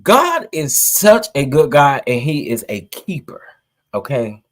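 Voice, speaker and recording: A man's voice: mid-range voice, very animated, unhurried. A man vlogging casually to his viewers, emphatic and emotional, greeting people in the chat. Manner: emphatic, preachy, greets live chatters, emotional.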